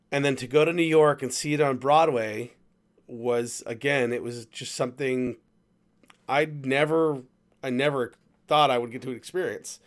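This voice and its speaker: A man hosting a podcast, telling a travel story in a rambling, animated way with plenty of restarts. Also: mid-range voice. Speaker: podcast host. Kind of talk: casual chat, storytelling.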